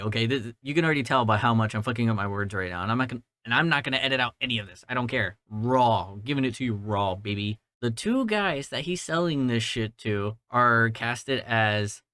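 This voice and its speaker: A man's voice: medium pitch, a bit bright, dry recording. Young male podcast host from Georgia, casual profane movie talk, resonant tone, dry close mic. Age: 20s. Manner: rambling, profane, self-deprecating. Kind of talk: casual movie review monologue. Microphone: mounted podcast mic.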